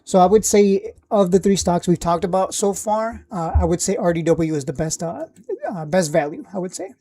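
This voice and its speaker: Rambling low-voiced woman streaming stock picks. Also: moderate pace, dark tone. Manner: rambling, thinking aloud with fillers and blunt asides. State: losing her voice. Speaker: stock livestream host. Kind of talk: casual live-stream chat.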